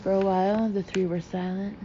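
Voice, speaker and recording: Woman audiobook narrator, measured reading; dark, mellow tone, faint background hiss. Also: medium pitch, flat delivery, lo-fi sound. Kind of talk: scripted narration.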